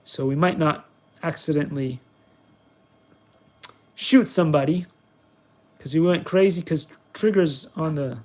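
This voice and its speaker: A man narrates his review vlog while he tries to fly a toy. He rambles and jokes at his own expense. His voice sits on the higher side for a man. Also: measured pace, long pauses, darkish tone. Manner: playful, self-mocking, rambling. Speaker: product reviewer, channel host. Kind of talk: casual vlog commentary while playing.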